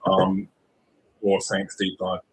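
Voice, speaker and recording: A man's voice: sits low, completely flat delivery, slow pace, slightly rough, low-quality recording. A young man co-hosting a casual sports livestream, rambling with lots of likes and ums. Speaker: livestream co-host.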